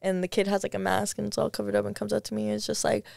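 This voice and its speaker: Brief: young woman guest, vocal fry over a clean tone, rambly casual stories, dry studio sound. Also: mid-range voice, level tone, very fast, darkish tone, no room sound. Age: young adult. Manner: rambling, peppered with "like" and restarts. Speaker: podcast guest. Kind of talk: casual storytelling chat.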